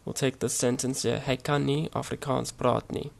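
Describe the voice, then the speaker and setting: The speaker is a language teacher, a man recording a laid-back lesson at home. His mid-pitched, gravelly voice comes out haltingly, with frequent hesitations, fillers and restarts.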